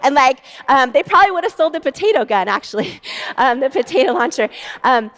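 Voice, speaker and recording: A woman telling her own story as a motivational talk to an audience, animated and full of fillers, acting out quotes. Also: high-pitched, brisk. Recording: long hall reverb.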